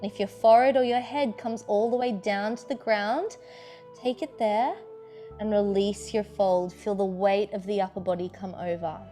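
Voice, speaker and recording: A woman leads a flowing yoga class, calling out each breath and pose in a calm, encouraging voice. Her pitch sits in the middle range, and soft music plays faintly behind her. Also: normal speed. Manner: calm, encouraging cueing with playful asides. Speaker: yoga teacher. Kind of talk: guided yoga class instruction.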